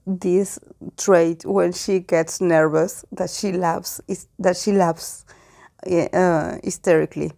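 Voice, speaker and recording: A woman's voice: on the low side, fairly even intonation, slow pace, vocal fry, dark tone. A woman reading tarot cards in a casual monologue. She muses aloud and hesitates often, with many "like"s and "I don't know why"s. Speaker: tarot reader.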